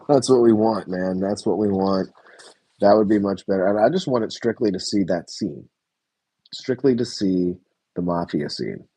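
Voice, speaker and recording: A low, husky man talks through a reality TV episode in loose, rambling chat. He corrects himself mid-sentence and drops the odd curse with a chuckle. The recording is dry and close. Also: normal speed, mellow, no room sound. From United States. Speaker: reality TV reviewer. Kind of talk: casual reaction review chat.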